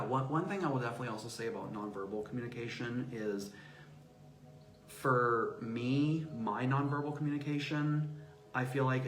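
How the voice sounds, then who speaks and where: A man talking casually as an interview guest, acting out quoted voices as he tells stories. His voice sits mid-pitch, and the recording carries a noticeable room echo. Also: fairly bright tone. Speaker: guest, autistic self-advocate. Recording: roomy echo.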